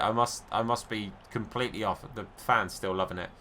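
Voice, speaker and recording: A man talks through his own football video game match as he plays it. His voice is bright and forceful. He is chatty and self-deprecating, and swings between excitement and disappointment. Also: on the low side, fairly quick, a little hiss or hum. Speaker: gaming YouTuber.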